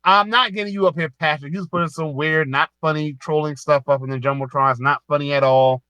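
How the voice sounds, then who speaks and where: A man's voice: a little high, fairly even intonation, fast talker, pushed and bright, clear, resonant tone, no echo, dull audio. A man with a Southern US accent hosting a live online audio space, lecturing a caller in a heated, emphatic way and repeating himself.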